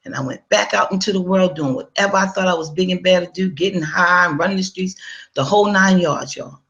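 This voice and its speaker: A woman's voice: on the low side, brisk, fairly bright tone, lo-fi sound. A woman giving a personal testimony in a conversational storytelling manner, speaking straight to her listeners and acting out her own past dialogue.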